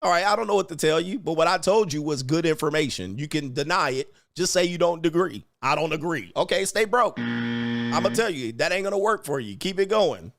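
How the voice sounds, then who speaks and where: A man's voice: fairly high pitch, animated, brisk, vocal fry, a bit bright, no room sound, clean studio sound. A man hosting a livestream, ranting at commenters in a brash, profane, taunting way and laughing at them. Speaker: livestream host reading chat.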